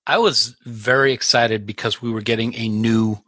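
A man co-hosting a fan podcast in casual chat, halting and restarting often, with dry asides. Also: medium pitch, fairly even intonation, a bit bright, no room sound. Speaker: podcast co-host.

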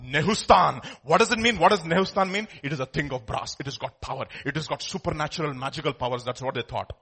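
Emphatic bright-voiced male preacher. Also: fast, slightly rough. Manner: emphatic, swings between loud exclamations and low asides. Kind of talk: sermon.

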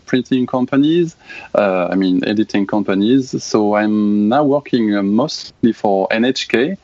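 A man from France with a French accent, co-hosting a casual podcast, apologetic and quick to laugh. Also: on the low side, a little mellow, no echo, highs cut off. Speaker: podcast co-host. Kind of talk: casual chat.

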